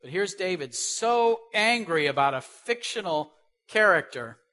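A man preaching a sermon who asks rhetorical questions and swings between loud stresses and soft asides. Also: sits high, lively intonation, a little slow.

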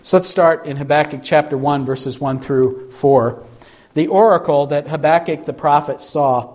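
A man preaching a sermon, slow and emphatic, pleading through rhetorical questions. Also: fairly high pitch, a little mellow. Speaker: pastor.

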